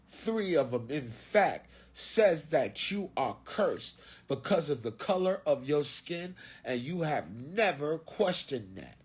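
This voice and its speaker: Husky-voiced man ranting on a livestream. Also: fairly high pitch. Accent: Philadelphia. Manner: loose, swaggering, profane and preachy. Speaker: livestream host. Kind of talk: casual livestream monologue. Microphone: phone.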